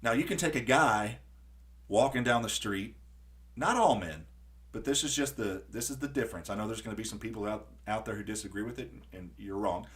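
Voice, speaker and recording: A man hosting a podcast in casual conversation, who tells stories with lively acted-out quotes and frequent restarts. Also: fairly low pitch, a little fast. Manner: animated storyteller acting out quotes. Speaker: podcast host.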